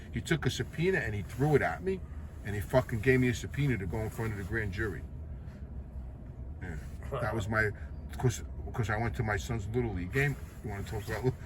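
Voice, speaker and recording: A man's voice: mid-range voice, a bit bright, slight background noise. A man with a New York accent telling stories from his past in a blunt, profane, streetwise way. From Queens, New York. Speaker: storyteller recounting his past. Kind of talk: casual anecdotal storytelling.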